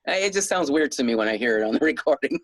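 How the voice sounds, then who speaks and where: A man's voice: mid-range voice, lively intonation, fast talker, no echo, poor audio. A middle-aged man being interviewed as an author, rambling in a casual way with frequent chuckles and restarts. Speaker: guest author.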